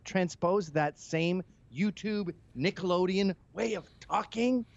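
A man's voice: sits high, slow pace, highs cut off. A man, a guest on a comedy talk podcast, speaking in a sardonic, mocking tone. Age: 30s or older. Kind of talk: casual podcast banter.

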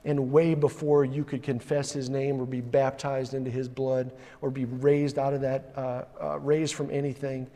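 A man's voice: mid-range voice, level tone, normal speed, few pauses, mellow. A man preaching a sermon in a church, earnest, building to urgent emphasis, with frequent restarts. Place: church sanctuary. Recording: long hall reverb.

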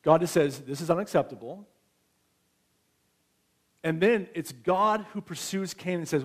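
A man's voice: fairly high pitch, normal speed, long pauses. A man in his thirties preaching a sermon in a conversational way, often checking in with his listeners. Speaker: pastor.

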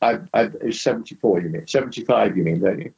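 A man's voice: fairly low pitch, fast, creaky, darkish tone, husky, rough recording. An older man, a former racing driver, telling rambling anecdotes in an interview with many restarts and asides. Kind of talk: anecdotal storytelling in conversation.

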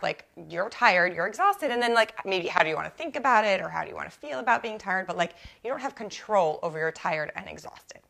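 A bright-toned young adult woman talks through a coaching lesson in a loose, conversational way. She is animated and chatty, sprinkles in "like," and corrects herself mid-sentence as she goes. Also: mid-range voice, creaky. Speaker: life coach and podcast host. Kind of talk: casual solo podcast teaching.

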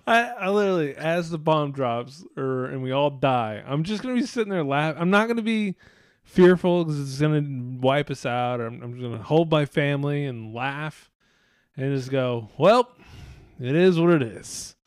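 A man's voice: fairly high pitch, expressive, moderate pace, smooth, no echo, studio quality. A man hosting a podcast in casual chat. He rambles, swears a lot and laughs often. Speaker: podcast host.

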